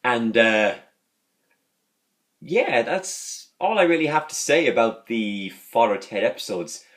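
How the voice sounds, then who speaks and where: A man talks through a casual review in a loose, enthusiastic ramble. His voice sits at a middle pitch and rises and falls freely. He fills his sentences with fillers. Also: animated, takes it slowly, fairly bright tone. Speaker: video host.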